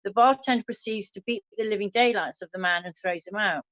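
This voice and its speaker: A mid-range female voice, brisk and fairly bright, with no echo, belongs to the host of an online café show. Recorded in a dull, dry lo-fi way, she chats casually and reads listeners' jokes aloud, slipping slightly here and there.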